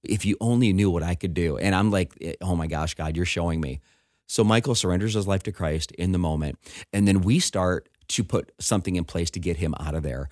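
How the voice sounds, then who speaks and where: Animated middle-aged pastor telling a story. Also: male voice, deep voice, brisk, dry recording, studio quality. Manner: animated storyteller, acting out quoted voices, laughing often. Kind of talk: personal testimony in casual conversation.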